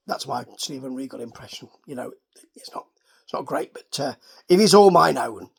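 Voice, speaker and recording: A man's voice: sits high, lively intonation, brisk, gravelly, husky. A man giving a casual, rambling recap of a wrestling show, wry and full of asides.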